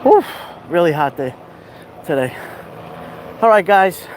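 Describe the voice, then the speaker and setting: High-voiced breathless New man. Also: sing-song, slow pace, a little hiss or hum. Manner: emphatic, repetitive, addresses viewers directly. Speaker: vlogger. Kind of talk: walking vlog monologue. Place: outdoors on a city street near a beach.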